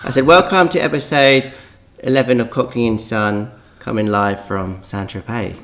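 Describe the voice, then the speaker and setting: A man's voice: medium pitch, steady tone, moderate pace, fairly bright tone. A man with a London accent co-hosting a casual podcast chat, leading the talk, recorded at a holiday villa. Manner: chatty, leads the conversation. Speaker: podcast co-host, the son.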